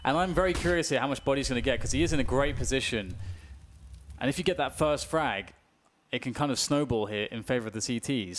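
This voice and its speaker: A man's voice: medium pitch, noisy background. British man calling esports play-by-play. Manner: measured, surging to excited yells on big plays. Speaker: esports commentator. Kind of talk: live play-by-play commentary.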